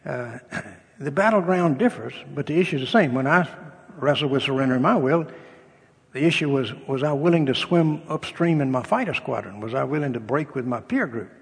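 A man's voice: medium pitch, animated, fairly quick, creaky, husky. An older man, a pastor, preaching a sermon in a folksy storytelling way, with humor and acted-out dialogue. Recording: long reverb of a hall.

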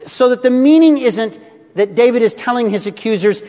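A man preaching a sermon as pastor, expressive, swinging between rising emphasis and soft, quiet drops. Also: very high-pitched, a little fast, big-room sound.

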